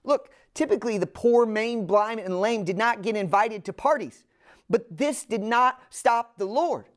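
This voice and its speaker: Earnest woman preaching a sermon. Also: on the high side. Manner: earnest, emphatic, slows down on key phrases; direct address to listeners.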